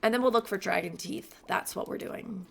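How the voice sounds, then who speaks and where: A young woman streaming a game from home on a boom-arm mic, chatting casually and talking to her cat in between. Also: moderate pace, gravelly, slight background noise. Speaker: gaming streamer. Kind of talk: casual gameplay chat.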